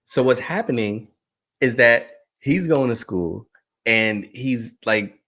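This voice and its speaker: A man in his thirties, an educator giving a live online talk to teachers, telling animated stories and laughing often. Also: medium pitch, slow. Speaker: educator and speaker.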